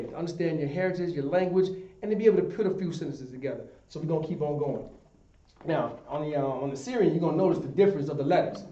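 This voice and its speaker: A man's voice: on the high side, dark tone. A man teaching a class, repeating himself and often asking if the students understand. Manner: repetitive, checks in with "you understand?". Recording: echoey room, far from the mic, dull lo-fi.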